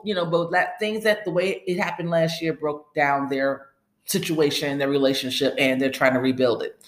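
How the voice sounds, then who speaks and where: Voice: mid-range voice, a bit bright. Chatty podcast host in an echoey room. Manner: chatty, rambling storyteller. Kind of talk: casual episode recap.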